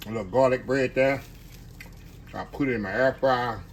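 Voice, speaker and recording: A man's voice: mid-range voice, normal speed, slight background noise. A man chatting casually to his viewers while cooking at home in his kitchen. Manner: chatty, talks to viewers as "y'all". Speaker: home cook.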